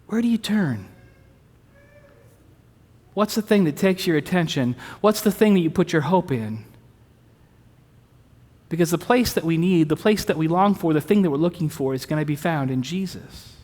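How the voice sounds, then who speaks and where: Pastor, male, fairly high voice, easy conversational preaching, long sanctuary reverb. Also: expressive, moderate pace, long pauses, darkish tone. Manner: conversational preaching with rhetorical questions. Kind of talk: sermon. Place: church sanctuary.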